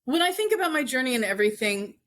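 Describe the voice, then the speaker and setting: A woman's voice: high-pitched, big pitch swings, fast talker, fairly bright tone. A woman in her forties, a business owner, telling a story in a casual interview, earnest and full of faith, with plenty of fillers. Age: 40s. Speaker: entrepreneur guest.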